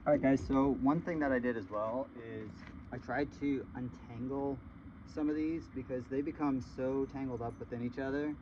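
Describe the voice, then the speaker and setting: A man casually chatting through a gardening how-to in his garden, relaxed and chatty with frequent ums. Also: medium pitch, moderate pace, lo-fi sound, slight background noise. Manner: relaxed, chatty, laughs easily, many ums. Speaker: gardening vlogger. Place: outdoor garden in the morning.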